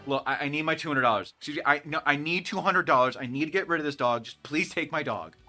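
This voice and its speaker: A man's voice: on the high side, fast, pushed and bright, soft background music. A man putting on the voice of a pushy, erratic woman who is trying to sell a puppy in a store. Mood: pleading. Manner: insistent, pleading.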